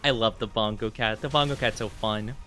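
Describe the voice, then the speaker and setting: A man's voice: on the low side, fairly even intonation, brisk, sharp tone, faint music behind. A man livestreaming a game, chatting casually and ramblingly with his viewers. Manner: rambling and chatty, with lots of fillers. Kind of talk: casual chat with viewers while playing a game.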